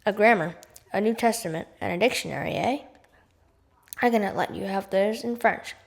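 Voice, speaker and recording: A woman voicing a kindly older gentleman who speaks in a calm, generous, unhurried way, in a read-aloud storybook. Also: mid-range voice, gravelly, natural voice. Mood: friendly. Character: kindly older gentleman sharing his books.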